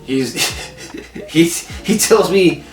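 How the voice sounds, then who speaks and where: A man hosting a casual gaming vlog, rambling through an animated story full of "I was like" and repeated words. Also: mid-range voice, moderate pace, distant mic. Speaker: gaming channel host. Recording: echoey room, set back from the mic, soft guitar music.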